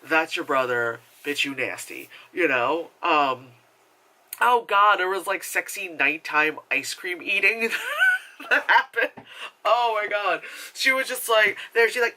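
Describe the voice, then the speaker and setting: A man talks through a movie review in a casual vlog, high in pitch and swinging widely up and down. His tone is very bright and sharp. He swears freely, laughs often and acts out the characters. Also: a little slow. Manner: animated, profane, laughing, acting out characters.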